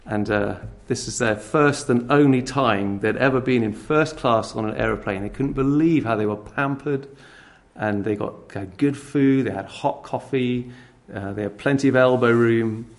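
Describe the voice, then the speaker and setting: A man's voice: mid-range voice, normal speed. A man preaching a sermon in a conversational way, often restarting his sentences.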